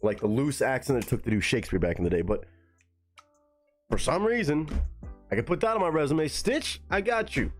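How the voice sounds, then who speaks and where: A young man streaming from home, chatting loose and profane, and his pitch jumps all over. Faint music sits under his voice. He thinks out loud, rambling between topics. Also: sing-song, fairly quick, pauses often. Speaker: live streamer and actor. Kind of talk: casual live-stream chat.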